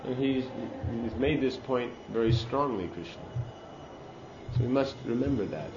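A man's voice: medium pitch, normal speed, reverberant, dull audio, noisy background. Man giving an emphatic scripture lecture. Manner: earnest, emphatic teaching with Sanskrit terms. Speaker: speaker giving a scripture class. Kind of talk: sermon on scripture.

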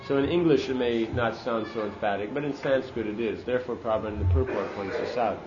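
A man's voice: mid-range voice, fast talker, roomy sound, lo-fi sound, noisy background. Man giving an emphatic scripture lecture. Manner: earnest, emphatic teaching with Sanskrit terms. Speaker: speaker giving a scripture class. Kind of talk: sermon on scripture.

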